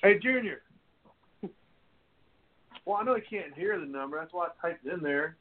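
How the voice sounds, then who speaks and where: Man, radio host, high voice, joking rambling talk, phone-like sound. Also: animated, normal speed. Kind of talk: casual radio chat. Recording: tinny phone-like audio.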